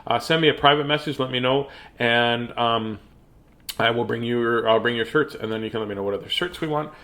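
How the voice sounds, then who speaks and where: A man's voice: mid-range voice, a little fast, sharp tone. Man, casual livestream host, playful, chatty, read-aloud. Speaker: host reading picture books.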